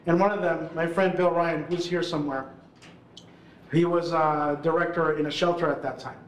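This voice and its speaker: Man, 40s, chatty event storyteller, high voice, echoey hall. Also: steady tone, moderate pace. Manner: casual, chatty storytelling full of "like" and "right?". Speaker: urban ministry worker speaking at an event. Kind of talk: live storytelling talk. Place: hall with a live audience. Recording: roomy hall sound.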